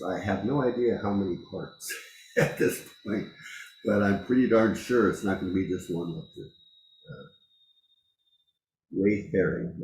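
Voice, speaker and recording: A man giving a dharma talk as a Zen teacher, reflective and unhurried, pausing often and laughing softly. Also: on the low side, roomy sound, rough recording. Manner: slow, reflective, with frequent pauses and soft laughs.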